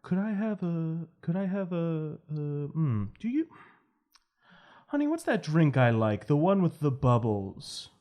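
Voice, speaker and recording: A man's voice: fairly high pitch, very animated, a little slow, warm tone. A man playing a fussy, snobbish rich passenger in an improv comedy scene. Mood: snooty. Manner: fussy, mock-polite.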